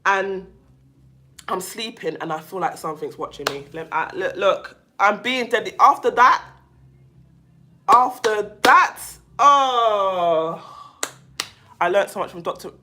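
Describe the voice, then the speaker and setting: A woman talking straight to her viewers in a casual monologue, emphatic and animated, often calling the listener "baby" and repeating herself as she goes. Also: mid-range voice, slow pace, long pauses. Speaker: vlogger talking about narcissistic abuse.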